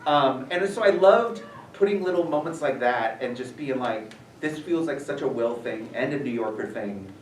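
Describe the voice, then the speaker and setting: A man visiting a school as an author, answering questions in a rambling, animated way full of fillers. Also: mid-range voice, moderate pace, few pauses, slight background noise. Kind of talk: casual Q&A talk. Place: school room, audience present. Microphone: distant from the recorder. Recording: echoey room, voice heard from far off.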